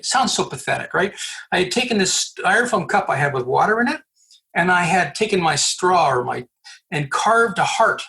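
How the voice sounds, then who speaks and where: A man in his sixties, a podcast guest from Canada, telling a personal story in a lively, joking way and acting out the people he quotes. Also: high-pitched, gravelly. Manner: lively, jokey storyteller who acts out quoted dialogue. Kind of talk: animated storytelling.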